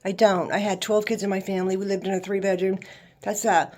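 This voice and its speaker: A woman's voice: medium pitch, fairly quick. A woman, telling her life story in an emphatic, faith-filled monologue. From Louisiana, USA. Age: 60s. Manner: lively, emphatic testimony with faith talk. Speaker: vlogger.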